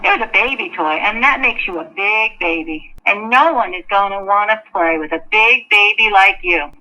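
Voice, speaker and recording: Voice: mid-range voice, moderate pace, bright, forceful tone, muffled recording. A woman playing a bossy mean girl who bullies a classmate, mocking and taunting in a school skit.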